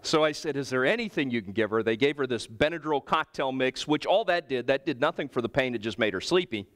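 A man preaching a sermon as pastor, telling personal stories with humor in an animated way. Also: medium pitch, fast talker. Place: church.

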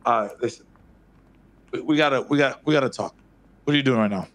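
A man's voice: mid-range voice, brisk, fairly bright tone, natural voice. A man playing a pushy male police officer on the phone who stammers and insists. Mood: insistent.

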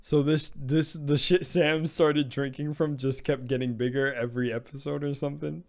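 A man reacting casually to a show, relaxed and swearing now and then. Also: fairly high pitch, normal speed, gravelly. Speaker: reaction video host.

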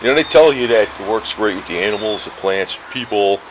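A man with a fairly low voice rambles casually while filming cats on a handheld camera, chuckling between remarks. When he turns to the cats, his voice goes high and coaxing. The outdoor recording is noisy, with birds and traffic clearly audible behind him. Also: expressive, brisk. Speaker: vlogger. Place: outdoors near steps.

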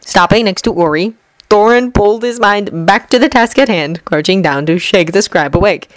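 A woman reading a fanfiction story aloud at a gentle, even pace, lightly acting out the dialogue. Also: mid-range voice, moderate pace, dry recording, rough recording. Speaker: fanfiction reader.

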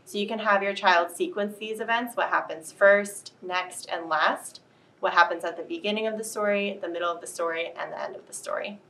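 A woman teacher explaining story events to parents in a steady, instructive way. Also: mid-range voice, brisk. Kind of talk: explaining reading tips to parents. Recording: distant mic.

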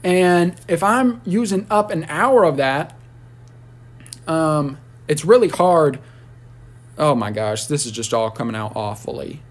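A man ranting on a casual livestream, rambling and profane, with sudden high squeals and shouts. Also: animated, slow pace.

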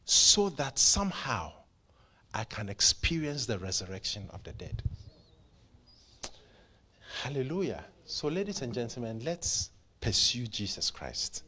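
Male pastor, mid-pitched and husky, a fervent sermon style with stuttered restarts. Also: sing-song, a little slow. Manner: impassioned, stammering repeats, swings from hushed whispers to loud bursts. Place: church service.

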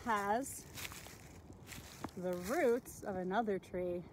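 A woman leads a nature lesson for children as she walks a forest trail, asking her viewers curious questions. Her voice sits at a middling pitch. It is recorded outdoors on a handheld phone, with faint forest ambience behind her. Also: slow, noisy background. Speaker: teacher.

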